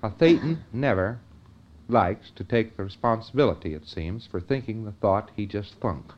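A man's voice: lowish voice, lively intonation, normal speed, highs cut off, a little hiss or hum. A man giving an informal lecture in a conversational way, often checking in with his listeners.

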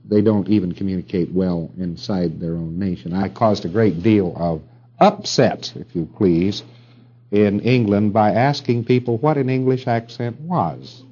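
A man's voice: lowish voice, a little slow, dark tone. Wry middle-aged man lecturing, muffled tape. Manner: rambling, wry asides, rhetorical questions to the room. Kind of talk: recorded lecture to an audience.

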